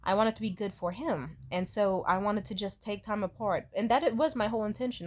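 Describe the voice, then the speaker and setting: A woman's voice: mid-range voice, a little fast, few pauses. A young woman in her twenties telling a rambling, candid storytime vlog, swearing freely and slipping into quoted voices. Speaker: vlogger.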